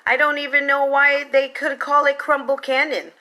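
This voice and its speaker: Pirate captain, boastful, stubborn, storybook, woman reading, higher voice. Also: level tone, moderate pace, bright, forceful tone. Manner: storybook read-aloud voice.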